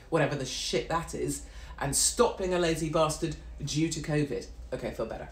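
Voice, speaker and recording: A woman's voice: deep voice, a little fast. A woman, hosting a blunt, profane and mocking ranting monologue. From Britain. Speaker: host. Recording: echoey room.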